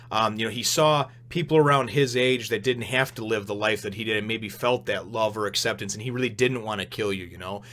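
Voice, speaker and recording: A man hosting a manga review channel goes over a chapter casually, talking excitably and rambling with lots of "you know" and "right?" Now and then he acts out characters' lines in a raised voice. His voice is medium-pitched and fairly quick.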